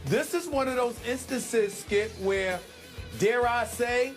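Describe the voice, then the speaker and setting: A man's voice: very high-pitched, slow pace, soft background music. A man co-hosting a sports debate show who talks in an emphatic, dramatic way and repeats lines for effect.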